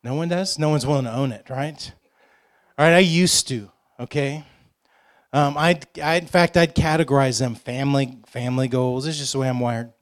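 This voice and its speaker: A man's voice: medium pitch, steady tone, normal speed. A male pastor preaching a sermon in a conversational way, with joking asides to the congregation and phrases repeated for emphasis.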